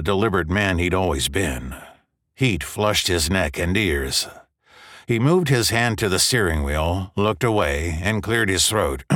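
A man reading a novel aloud as audiobook narrator, in measured, steady storytelling. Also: fairly low pitch, no room sound, clean studio sound. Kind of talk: scripted narration.

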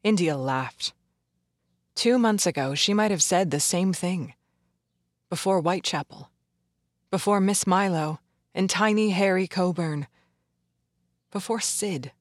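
Casting: measured audiobook narrator with a slightly husky voice. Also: male voice, sits high, no room sound, clean studio sound. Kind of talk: scripted narration.

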